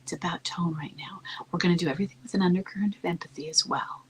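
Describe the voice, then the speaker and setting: A woman giving marriage-coaching advice in a soft, calm, often near-whispered delivery that stays earnest and reassuring. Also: on the low side, rapid-fire, a little hiss or hum, low-quality recording. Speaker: marriage coach answering a listener's question. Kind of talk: advice talk.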